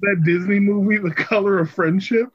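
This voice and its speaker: Man, high voice, casual chat, giggly, dull lo-fi recording. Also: breathy edge. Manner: giggly, quick to laugh.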